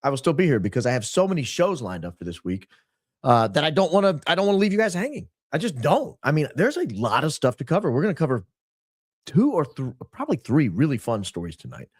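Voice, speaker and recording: A man hosting his podcast, clearing his throat often and nursing a dry, strained voice. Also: on the high side, sing-song, quick pace, no echo. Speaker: podcast host. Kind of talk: casual show opening. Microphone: podcast microphone.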